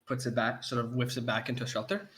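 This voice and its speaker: A man's voice: mid-range voice, little pitch movement, fast, a bit bright, slight background noise. Rambling male game master. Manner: rambling, filler-heavy narration. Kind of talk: narrating a tabletop game.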